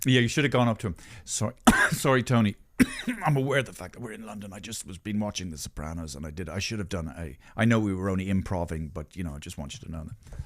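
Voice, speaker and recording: A middle-aged man with an Irish accent hosts a casual podcast chat. His voice sits fairly low. He rambles, jokes and swears freely. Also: fast talker, a bit bright. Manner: profane, jokey and rambling. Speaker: podcast host.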